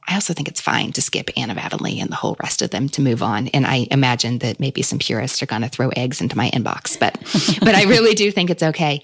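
A woman's voice: very deep voice, vocal fry, no echo. A woman hosting a podcast, chatting enthusiastically about books with frequent asides, recorded close on a studio mic. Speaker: podcast host recommending books. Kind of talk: casual conversational interview.

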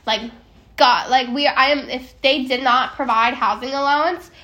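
A woman's voice: high voice, fairly even intonation, normal speed, bright, forceful tone. A young woman co-hosting a casual podcast from home, rambling with many fillers and restarts. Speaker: podcast co-host. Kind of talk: casual chat. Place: home, in California.

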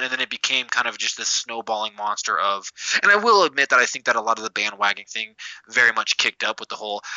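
Young man, podcast co-host. Fast, bright and animated, swears a lot, does voices. Dry, lo-fi sound. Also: mid-range voice, no room sound. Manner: animated, profane storytelling with voiced impressions. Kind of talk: casual podcast chat. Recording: dull, dry lo-fi recording.

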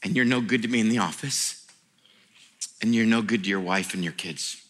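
A male pastor voicing God as a gentle, teasing father who speaks low and soft. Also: moderate pace. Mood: tender.

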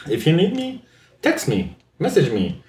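A man's voice: on the high side, huge pitch swings, measured pace, darkish tone. A man co-hosting a podcast, chatting casually and playfully, laughing often as he explains things. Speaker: podcast co-host. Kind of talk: casual conversational podcast chat. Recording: roomy echo on the voice.

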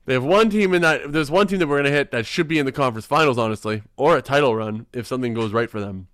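A young man hosting a casual sports podcast, excitable and quick to laugh, often restarting his sentences. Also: mid-range voice, smooth, dry recording, studio quality. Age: young adult. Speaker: podcast host.

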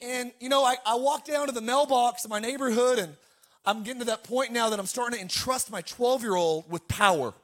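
A middle-aged man preaching a sermon as pastor, telling lively family stories and calling on the congregation to respond. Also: very high-pitched, brisk. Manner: animated storytelling, calls to the congregation.

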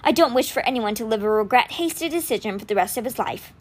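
A woman reading aloud as a calm, wise male leader giving an earnest speech to his citizens, in a storybook reading. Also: fairly high pitch, fast talker.

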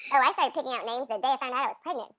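A woman's voice: high voice, rapid-fire, fairly bright tone, dry recording, studio quality. A woman in her thirties co-hosting a casual podcast, chatty, often laughing and acting out quotes. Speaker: podcast co-host. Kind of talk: casual chat recapping a sitcom episode.

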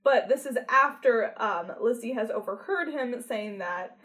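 A woman in casual conversation, working through her notes and recounting scenes in a steady way. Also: on the high side, unhurried. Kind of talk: casual chat.

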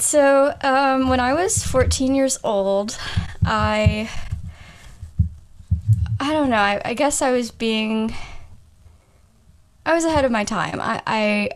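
A woman's voice: a little high, slow, long pauses. A young woman co-hosting a comedy podcast, giggly and self-deprecating, chatting casually and trying silly impressions. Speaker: podcast co-host.

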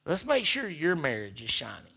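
A man preaching a sermon as pastor, repeating phrases for emphasis and swinging between loud emphatic peaks and quiet asides. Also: a little high, wildly swooping pitch, normal speed, vocal fry, husky. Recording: live church service.

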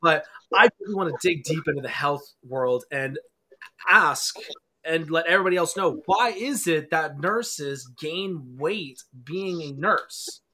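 A man's voice: fairly high pitch, lively intonation, unhurried, pushed and bright. A man hosting a motivational interview, enthusiastic and emphatic, often repeating his key points. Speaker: weight-loss coach and show host.

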